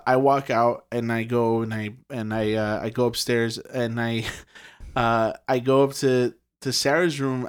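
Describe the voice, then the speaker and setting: Speaking at a typical pitch for a man, a young podcast guest rambles through a long, personal ghost story in casual conversation, full of constant fillers and frequent cursing.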